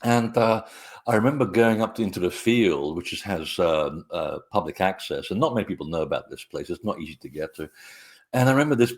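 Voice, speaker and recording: A middle-aged man, a guest author, telling anecdotes in a relaxed, rambling way with many hesitations. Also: deep voice, a little fast. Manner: rambling, hesitant with frequent fillers. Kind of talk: conversational storytelling interview.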